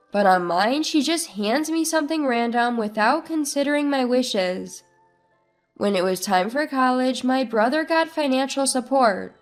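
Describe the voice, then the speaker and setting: Brief: high-voiced woman, slow earnest first-person story narration, soft music bed.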